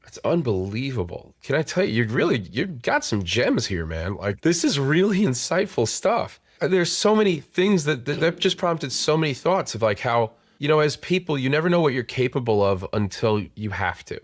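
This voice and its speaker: A man's voice: mid-range voice, big pitch swings, moderate pace, few pauses, no echo. Chatty man with a dry close sound. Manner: rambling, lots of restarts and "like" fillers. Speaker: podcast host and sales coach. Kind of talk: casual conversational interview.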